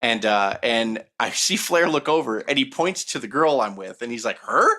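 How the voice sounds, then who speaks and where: A man co-hosting a podcast, telling long casual anecdotes with lots of fillers and animated retellings of what others said. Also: medium pitch, moderate pace. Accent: Southern Californian. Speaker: podcast co-host. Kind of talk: casual storytelling.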